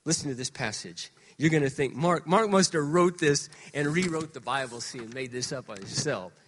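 Fiery preacher in his sixties, shouting. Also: on the high side, normal speed, husky, big-room sound. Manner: swings from soft confiding to loud shouted exhortation. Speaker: pastor. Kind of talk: sermon. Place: church sanctuary.

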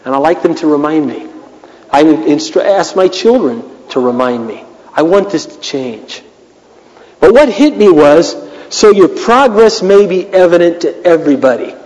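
A middle-aged male pastor preaches in an earnest, confessional way, now and then breaking into emphatic outbursts. His voice sits fairly high for a man. The sound carries a long reverb, like a big hall. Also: darkish tone. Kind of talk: sermon.

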